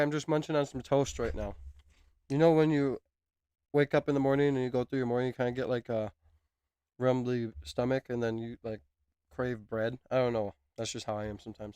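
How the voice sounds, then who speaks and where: A man's voice: medium pitch, fairly even intonation, a little fast, darkish tone, clear, resonant tone, no room sound. A man hosting a livestream, chatting casually in a laid-back, rambling way. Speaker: streamer host.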